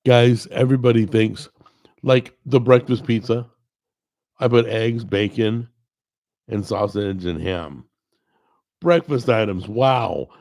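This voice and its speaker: A middle-aged cooking show host chats casually to camera through a desk mic on a video call, rambling in a plainspoken, self-deprecating way. A paralyzed vocal cord leaves his low voice gravelly and strained, with a rough, crackly grain and a darkish tone. He takes it slowly and pauses often.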